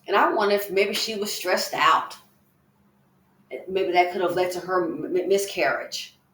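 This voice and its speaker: A woman's voice: fairly low pitch, a little slow, fairly bright tone, slight background noise. A woman giving reaction commentary, emphatic and indignant, with rhetorical questions. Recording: echoey room.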